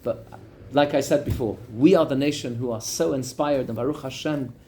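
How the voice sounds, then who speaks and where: A man teaching a class as a rabbi, telling a story in an animated way and talking directly to his audience. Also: mid-range voice, normal speed, slight background noise. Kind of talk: storytelling lesson.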